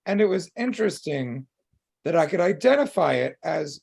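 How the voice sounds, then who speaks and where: Raspy high-voiced man talking candidly. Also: big pitch swings, normal speed, a little mellow. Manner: open and emotional, swears freely, many fillers. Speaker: podcast co-host. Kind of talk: candid casual chat.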